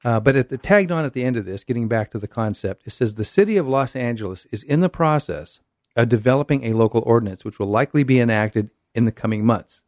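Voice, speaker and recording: A man's voice: mid-range voice, animated, quick pace, a little mellow, no echo. Male host, dry close mic, wry news reader with sarcastic asides. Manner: wry, reads quotes then comments sarcastically. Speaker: podcast host. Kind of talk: casual talk, reading news aloud.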